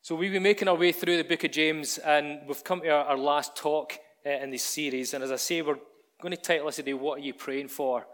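A man's voice: a little high, steady tone, fairly quick, fairly bright tone. A man preaching to a church congregation, giving announcements and starting a sermon in a chatty, direct way. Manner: conversational, addresses the congregation directly.

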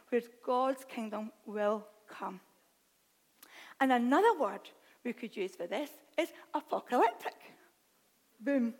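A woman preaching a sermon, reading scripture aloud with animated, self-deprecating asides. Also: high-pitched, creaky. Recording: long hall reverb.

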